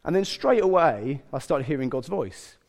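A middle-aged man preaching a sermon in a lively, conversational way, acting out quotes with humour. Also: fairly high pitch, moderate pace. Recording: long hall reverb.

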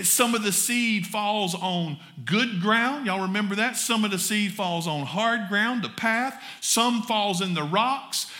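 A male pastor with a Southern US accent delivers a folksy sermon to his congregation. His voice sits high and sounds bright and forceful. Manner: folksy, addresses congregation as y'all. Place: church sanctuary.

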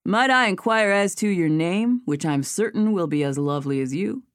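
A woman's voice: on the low side, animated, normal speed, no echo, clean studio sound, lightly acted. A woman voicing a flirtatious, playful cowboy playboy who speaks in a mock-princely, gallant way.

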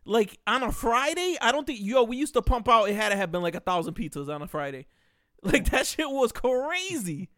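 A young man telling a story on a podcast, animated and profane, acting out the quotes loudly. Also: extremely high pitch, a little fast, dry recording, clean studio sound. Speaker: podcast host. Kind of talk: casual storytelling.

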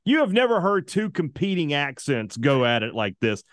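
A man's voice: a little high, sing-song, moderate pace, a bit bright, dry recording, studio quality. A man guesting on a sports podcast, telling stories in casual chat and laughing easily. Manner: chatty storyteller, laughs easily.

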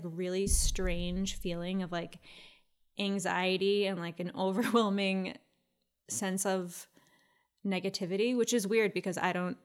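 A woman's voice: mid-range voice, clear, resonant tone. A woman co-hosting a podcast in casual chat, talking freely and laughing often. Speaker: podcast co-host.

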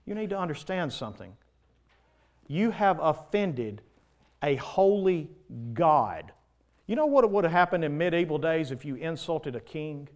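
A man preaching in church with a slightly high voice. His sermon is impassioned and pleading, rising into loud swells and then dropping to quiet passages. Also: sing-song, moderate pace.

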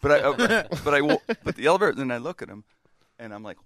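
Animated man telling a story. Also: mid-range voice, rapid-fire, no echo, clean studio sound. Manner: animated, laughing, shouts out quoted lines. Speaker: podcast host. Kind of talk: casual storytelling chat.

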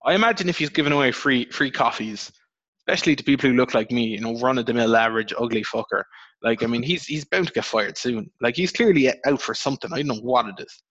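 A young Irish man chatting fast on a podcast, rambling and cursing as he tells his stories, his voice leaping high when he gets worked up. The sound is dry and a bit dull, like a cheap close mic. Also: no room sound. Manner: rambling, swears, animated storytelling with pitch jumps. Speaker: podcast host. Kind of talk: casual podcast chat.

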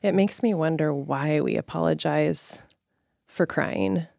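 A woman's voice: deep voice, a little slow, vocal fry, darkish tone, no echo, studio quality. A woman therapist in a casual podcast conversation, curious and thoughtful.

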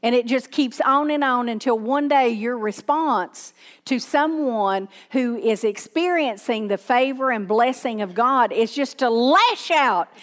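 A woman's voice: a little high, animated, a little slow, long reverb tail. A woman pastor with a Southern accent, preaching a sermon with emphatic repetition and questions to the congregation.

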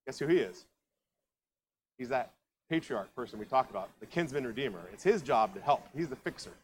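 A man's voice: medium pitch, lively intonation, a little fast, slight background noise, poor audio. Chatty male pastor telling a story. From Ohio. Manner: conversational storytelling, lots of asides and questions to the congregation. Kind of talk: sermon.

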